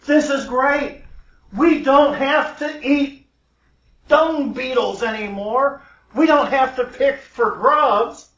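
A man's voice: high-pitched, slow, a bit bright, heavily acted. A man voicing a young lost eagle who believes he is a turkey, speaking earnestly and plainly in a folksy storytelling way. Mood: excited. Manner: earnest, wide-eyed, folksy. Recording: roomy, dull lo-fi recording.

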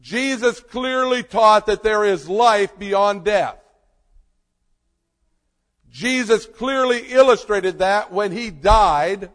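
A male pastor delivers his sermon in a high voice, slowly and emphatically, leaning on dramatic pauses. His words ring out with a long reverb, as if spoken in a large church sanctuary.

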